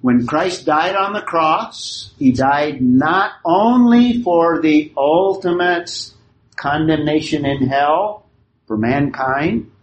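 Male Bible study teacher, slow deliberate delivery, checks that the class follows, echoey room. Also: a little high, slight background noise. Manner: often checks the class understands.

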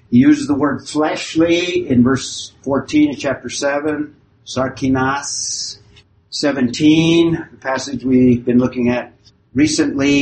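A man teaching a Bible class verse by verse, in a measured, explanatory way that keeps restating his points. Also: mid-range voice, darkish tone, a little hiss or hum, low-quality recording.

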